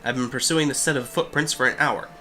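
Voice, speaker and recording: A man's voice: mid-range voice, fairly even intonation, fast talker, pushed and bright, slight background noise, natural voice. A man reading a boastful hunter's lines in a self-assured storytelling manner. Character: boastful male hunter telling a tale.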